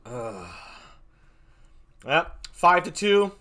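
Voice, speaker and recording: A man hosting a live streamed game show, his voice bright and cutting through as he calls out vote tallies. He swings his pitch widely and plays up every swing of the count like an auctioneer, with hammy, theatrical excitement. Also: extremely slow. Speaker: stream host.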